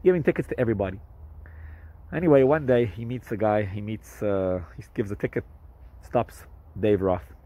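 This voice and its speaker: A man, a rabbi, telling a story to camera in an animated way, with hesitant restarts and fillers. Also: normal speed, muffled recording. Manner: animated, jumps up in pitch for quoted speech.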